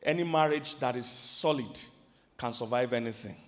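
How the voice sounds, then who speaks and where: A man with a Nigerian accent preaching about marriage to a live audience. He swings from loud emphatic lines to quiet asides and keeps asking the crowd questions. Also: mid-range voice, normal speed. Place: large hall with an audience. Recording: hall reverb from a large venue.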